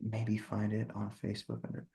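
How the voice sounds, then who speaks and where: Flat-voiced, low folksy man. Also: a little fast, gravelly. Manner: relaxed, folksy, reads out viewer questions. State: has the hiccups. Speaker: wildlife department presenter. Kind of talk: casual live Q&A.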